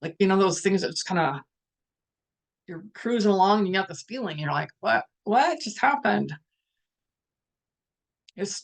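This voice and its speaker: A middle-aged woman hosting a live spiritual talk, speaking in a reflective, musing way with many restarts and pauses, and now and then putting on the voices of family members. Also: mid-range voice. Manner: quotes family conversations in lively voices. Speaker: spiritual empath host.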